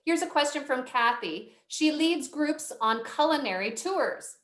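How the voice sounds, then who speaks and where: With a fairly bright, high voice and lively intonation at a measured pace, a woman moderates a video call workshop, chatting warmly, sometimes apologizing, as she reads audience questions aloud. The roomy call audio has a little hiss or hum.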